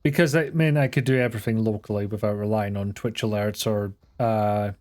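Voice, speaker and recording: A man's voice: on the low side, fairly even intonation, brisk, a little mellow. Casting note: male streamer, casual and jokey, explains his tech setup, occasional swearing. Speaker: streamer host. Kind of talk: casual chat while gaming.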